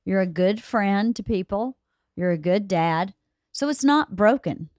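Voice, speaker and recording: A woman's voice: medium pitch, lively intonation, a little slow, darkish tone, no echo. A middle-aged woman with a mid-range voice speaks plainly and practically, explaining her reasoning in an easy, reassuring way. The recording is dry and close-miked, with no room sound. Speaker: podcast host. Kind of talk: casual family conversation. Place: home, late night.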